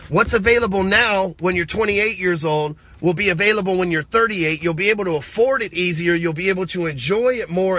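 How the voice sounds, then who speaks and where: A man's voice: sits high, bright, forceful tone, no room sound. A man giving blunt, profane money advice in a casual rant, speaking straight to the viewer and asking rhetorical questions. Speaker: business coach. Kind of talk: casual motivational rant to camera.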